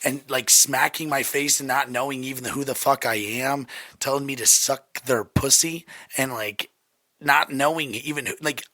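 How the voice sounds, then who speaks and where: A man's voice: mid-range voice, moderate pace, sharp tone, dry recording, studio quality. A man in his thirties hosting a podcast, laid-back, joking and profane. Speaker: podcast host. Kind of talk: casual podcast chat.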